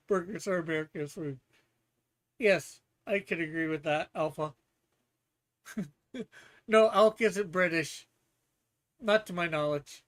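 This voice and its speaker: With a mid-range, fairly bright voice and lively intonation, a streamer hosts a guessing game, speaking a little slowly and pausing often. The livestream chat with viewers is casual and rambling, full of restarts and laughter.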